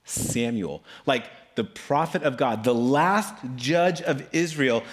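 Animated man retelling a story as a sermon. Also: slow. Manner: animated, acts out voices with big pitch swings; casual, keeps asking "right?". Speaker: pastor.

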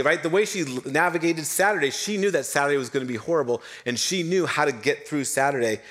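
A young adult man preaching a sermon, telling a personal story with animated, self-deprecating humor and frequent fillers. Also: medium pitch. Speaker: pastor.

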